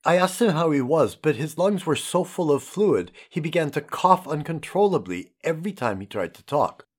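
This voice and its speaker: A middle-aged man narrating his own memoir as an audiobook, in an expressive, impassioned storytelling manner. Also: fairly high pitch, normal speed, slightly rough. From United States.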